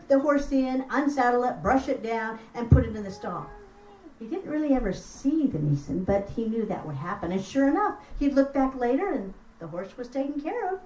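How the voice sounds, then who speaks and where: A woman storyteller with a lively, swooping voice tells folk tales to a small live audience, talking with them as she goes. Her voice sits a little high for a woman and rings in a roomy space, picked up from some distance. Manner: expressive, lively, chats with the audience. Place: room at a house concert. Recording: roomy sound from far off.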